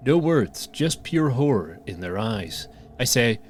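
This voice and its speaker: Low-voiced man reading stories. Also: big pitch swings, a little slow, a little hiss or hum. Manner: reads posts aloud, laughing and joking between lines. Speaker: podcast co-host. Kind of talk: reading stories aloud with banter.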